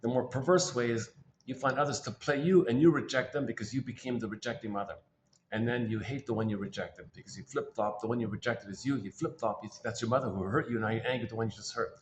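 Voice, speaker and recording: A man's voice: mid-range voice, quick pace, slight background noise. A man giving a rambling spoken talk on psychoanalytic ideas, repeating himself, restarting phrases and correcting himself as he thinks aloud.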